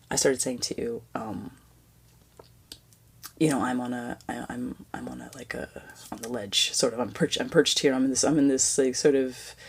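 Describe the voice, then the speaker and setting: A woman hosting a spiritual podcast, telling a personal story in a soft, halting way that often sinks to a near-whisper, with many fillers and restarts. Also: rumbling low, vocal fry, breathy edge. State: tearful, emotional. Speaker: podcast host.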